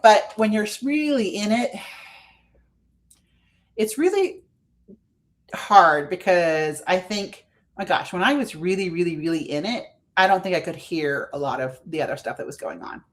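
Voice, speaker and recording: A woman guesting as a spiritual life coach on a podcast, talking in a gentle, earnest, reflective way. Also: on the low side, animated, moderate pace. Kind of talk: podcast conversation.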